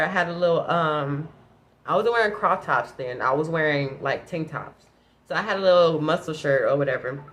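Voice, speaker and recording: A young man vlogger telling a personal story in casual, animated fashion, now and then breaking into high shrieks and laughter.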